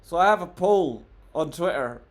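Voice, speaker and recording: Animated and a little high in pitch, a man streams live commentary on trading charts at a normal speed. He plays it up for his chat, alternating between pretend doom and loud exclamations.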